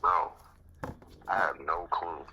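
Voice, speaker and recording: Guy called in to judge, low-ish but really sharp tone, thinks out loud slowly. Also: steady tone, highs cut off, a little hiss or hum. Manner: deliberating, thoughtful, hesitant. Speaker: podcast guest judge. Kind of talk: casual chat.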